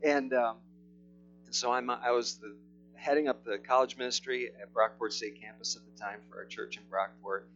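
A man's voice: medium pitch, steady tone. Middle-aged guy preaching, rambly storytelling, lots of restarts, kinda muffled audio. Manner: rambling, halting, many restarts. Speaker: pastor. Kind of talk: sermon storytelling. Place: church service. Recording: slightly muffled with soft guitar.

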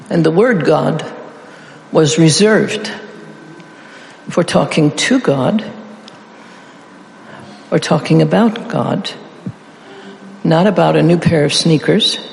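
A preacher delivering a slow, deliberate sermon with a gravelly edge, drawing the congregation in with call-and-response. The voice carries long reverb from a big church hall. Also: mid-range voice, a little hiss or hum. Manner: dramatic pauses and emphasis.

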